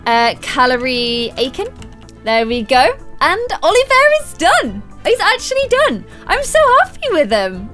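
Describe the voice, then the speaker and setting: Young woman, gaming commentator, high and very animated voice, doting and giggly. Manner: bubbly and doting, talks baby-talk about her cats. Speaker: gaming YouTuber. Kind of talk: casual gameplay commentary.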